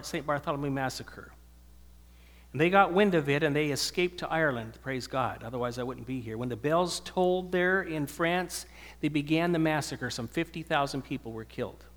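A man's voice: a little high, fairly bright tone. Male preacher in an echoing hall. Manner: earnest, swelling to emphatic preaching. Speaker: pastor. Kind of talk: sermon. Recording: long hall reverb.

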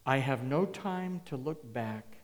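A serene, unbothered farmer, as a male preacher puts him on in a sermon's parable. He answers matter-of-factly and unhurried. The long reverb of a church hall carries his words. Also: mid-range voice, animated.

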